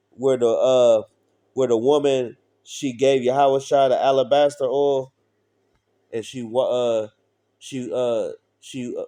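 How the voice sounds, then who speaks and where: A man's voice: mid-range voice, warm tone. A man preaching an informal street sermon, blunt and profane, often asking his listeners questions.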